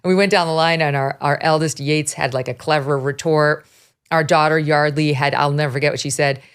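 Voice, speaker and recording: A woman in her fifties hosting a talk show, blunt and animated, laughing often as she chats. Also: deep voice, fairly quick, clean tone. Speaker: podcast host. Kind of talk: opinionated talk show chat.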